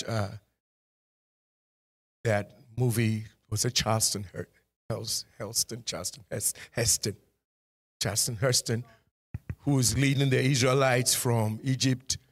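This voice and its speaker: A male pastor preaching a sermon. He acts out short bits of dialogue and builds up to loud, emphatic calls to his congregation. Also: mid-range voice, unhurried, pauses often. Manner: lively preaching that acts out dialogue in changing voices; rises to loud emphatic exhortation.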